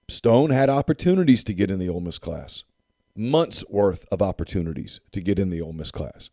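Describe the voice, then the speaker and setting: A man's voice: medium pitch, dark tone, no echo, clean studio sound. A man co-hosting a sports podcast in casual chat, emphatic and repeating points for effect. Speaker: podcast co-host.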